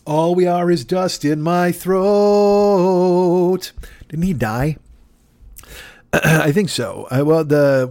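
A man's voice: a little high, no room sound. A man hosting a comedy podcast, rambling and swearing in a self-deprecating monologue. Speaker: podcast host.

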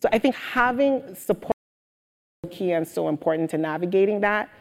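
A woman guest speaker telling stories with animated energy in a live on-stage interview. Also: mid-range voice, normal speed. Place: auditorium with audience. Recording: long hall reverb.

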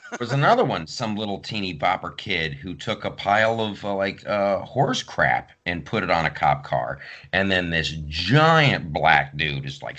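Male podcast host, deep and very lively, animated storyteller. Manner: animated storytelling, acts out quotes. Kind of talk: casual podcast chat.

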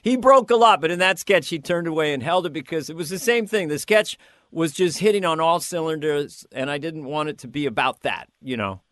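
A man in casual conversation, telling show-business stories in an animated way and slipping into impressions. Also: on the high side, a little fast, no room sound, clean studio sound. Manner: animated storyteller who slips into impressions. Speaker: comedian guest recalling sketch work.

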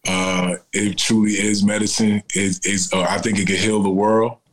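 Low-voiced man telling his story casually. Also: normal speed, low-quality recording. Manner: relaxed, conversational, repeats "you know what I'm saying". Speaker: guest, cannabis company founder.

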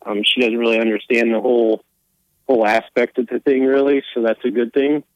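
A man, a guest on a morning radio show, talking hesitantly with many pauses and fillers. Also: medium pitch, little pitch movement, no room sound, lo-fi sound. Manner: hesitant, lots of ums. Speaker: guest caller. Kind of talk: phone-in interview.

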